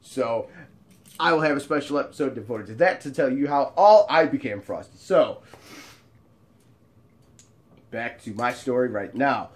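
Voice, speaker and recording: A man hosting his own show, telling a casual, animated story with jokes and frequent swearing. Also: medium pitch, measured pace, pauses often. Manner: animated and joking, with frequent profanity. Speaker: show host telling bar stories.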